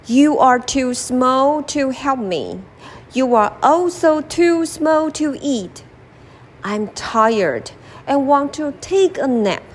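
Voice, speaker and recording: A woman doing a boastful storybook lion, high voice, slow delivery. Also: expressive, full character voice. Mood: mocking. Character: proud male lion, big and boastful.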